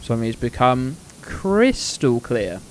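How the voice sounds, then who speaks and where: A man's voice: medium pitch, big pitch swings, unhurried, a little hiss or hum. A man chatting casually and playfully while streaming a game, swearing freely. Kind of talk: casual live-stream chat.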